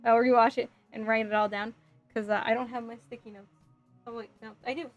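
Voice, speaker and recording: A woman live streaming from home, chatting casually, reading chat aloud and giggling as she thinks out loud. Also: on the high side, flat delivery, a little fast, highs cut off. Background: faint music.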